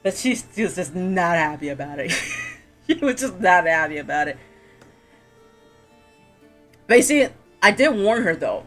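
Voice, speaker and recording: A streamer from Florida chats while gaming, spinning animated stories at an easy middle pitch. The speaker laughs a lot and slips into voices when quoting people. The voice is close and direct on a desk mic. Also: moderate pace, soft background music. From Florida, USA. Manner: animated storyteller, laughs often, acts out quotes. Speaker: game streamer. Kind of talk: casual chat while playing.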